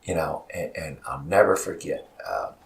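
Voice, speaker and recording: Animated coach guest, gravelly voice, a bit off mic, storytelling. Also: male voice, a bass voice, moderate pace. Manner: animated, repeats words when excited. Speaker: college basketball head coach, studio guest. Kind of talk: emotional storytelling in a studio interview. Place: radio studio. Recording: voice sounds far from the mic.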